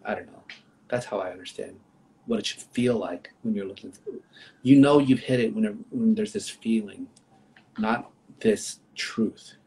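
A man speaking as a psychologist, thoughtful and gentle, explaining ideas over a video call with pauses. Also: on the low side, a little hiss or hum, low-quality recording. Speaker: psychologist, trauma therapist. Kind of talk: reflective conversational explaining. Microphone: livestream video call.

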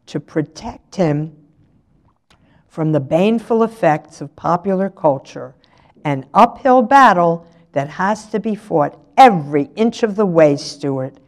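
A haughty, exasperated mother lecturing with indignant precision, as an older woman reads her. The voice sits low and unhurried, each complaint laid out slowly. It suits a storybook reading. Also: a little mellow.

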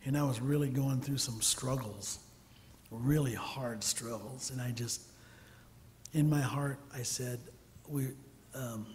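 A man's voice: mid-range voice, takes it slowly, long pauses, slight background noise. A man, a church elder, preaching a sermon in a storytelling way, acting out the people in his stories and dropping to near whispers at times. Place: church sanctuary. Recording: long reverb of a large hall.

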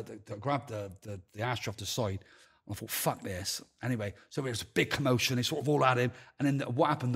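Bristol man, podcast guest, husky voice, swears freely while acting out his stories. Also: medium pitch. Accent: Bristol English. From England. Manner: swears heavily, acts out dialogue, laughs while telling stories. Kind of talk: casual storytelling.

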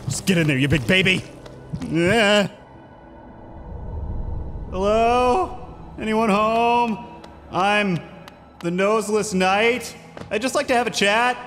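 A man's voice: high-pitched, takes it slowly, pauses often, a bit bright. A man as a cocky, jittery little bug knight. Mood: wisecracking. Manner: sarcastic, jumpy, swings from bravado to panic. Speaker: voice actor and channel host. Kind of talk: comedy fan-parody voice acting. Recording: music bed under the voice.

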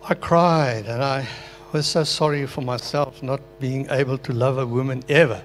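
A man's voice: medium pitch, flat delivery, normal speed, slight background noise. An older man from Africa, an earnest, emotional pastor sharing his personal testimony in a sermon. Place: meeting hall.

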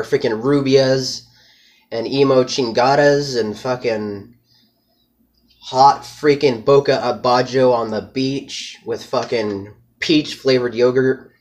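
A man delivering a crude, rambling comedic rant, profane and peppered with Spanish slang. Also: medium pitch.

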